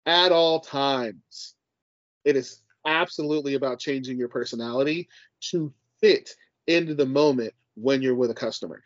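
A man's voice: on the high side, dry recording. A man co-hosting a casual podcast. He talks with emphasis and passion and swears freely. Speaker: podcast co-host. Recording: dull dry podcast audio.

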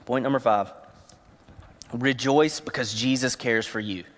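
A man's voice: medium pitch, fairly even intonation, measured pace. Youth pastor guy preaching, chatty and emotional, echo of a big church hall. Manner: conversational, emotional storyteller. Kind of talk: sermon with personal storytelling.

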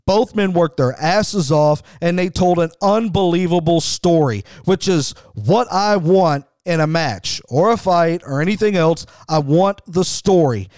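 A middle-aged man hosts a wrestling podcast, talking with enthusiasm in a loose, conversational way and often restarting his sentences. His voice is slightly higher than most men's, smooth and clear, and recorded dry and close. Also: lively intonation, measured pace, hardly any pauses, a little mellow, no room sound. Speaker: wrestling show host. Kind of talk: podcast commentary.

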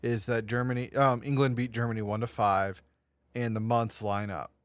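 Male podcast host, mid-pitched voice, dry close sound, rambling casual read of his notes. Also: flat delivery, moderate pace, no echo. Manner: rambling, reads cast notes with fillers and restarts. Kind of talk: casual movie podcast chat.

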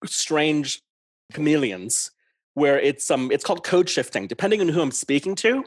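A man's voice: a little high, normal speed, slightly rough, no room sound. A man from Singapore with an English-tinged accent, chatting animatedly as a guest author in an interview. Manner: chatty, animated, laughs often, many fillers. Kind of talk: conversational interview.

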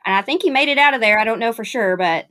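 A woman with a Southern US accent, a nurse, chats casually in an interview, telling stories packed with fillers. Her fairly high voice is fast, pushed and bright, with lively intonation, and she comes across as a chatty, upbeat storyteller.

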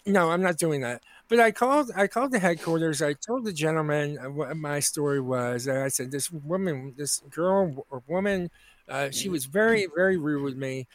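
A man co-hosting a comedy podcast, telling an indignant story in an animated way and acting out the people in it. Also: a little high, moderate pace. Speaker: podcast co-host. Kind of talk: casual comedic chat.

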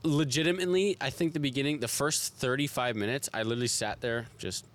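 A young man co-hosting a podcast, joking and swearing in casual chat. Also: mid-range voice. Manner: joking, swearing, quick to laugh. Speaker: podcast co-host.

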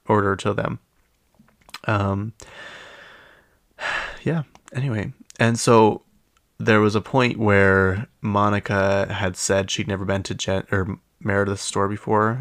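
A man's voice: fairly low pitch, fairly even intonation, moderate pace, a bit bright, no echo. A man hosting a pop culture recap, chatting casually in a gossipy, opinionated and rambling way. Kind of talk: casual chat.

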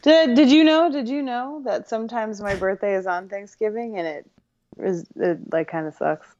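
A woman's voice: mid-range voice, moderate pace, dark tone, lo-fi sound. A young woman co-hosting a podcast in casual banter, sarcastic and laughing often. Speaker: podcast co-host.

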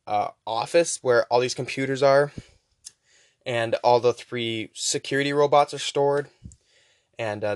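A young man hosting a podcast, casually rambling through a movie recap with profanity and quick voice impressions. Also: medium pitch, dry recording, clean studio sound. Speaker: podcast host.

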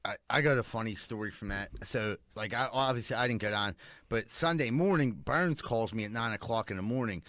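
A man's voice: lowish voice, brisk, no echo. A man co-hosting a podcast, telling stories animatedly and acting out what others said, in a casual group chat. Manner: animated storyteller who acts out other people's lines. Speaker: podcast co-host.

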